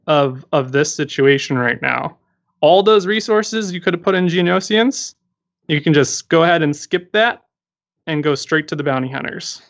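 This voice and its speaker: Male co-host, slightly high voice, casual explainer, muffled lo-fi stream sound. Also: fairly bright tone. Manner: explanatory, self-correcting, joking. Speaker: co-host giving game roster advice. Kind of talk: casual livestream chat.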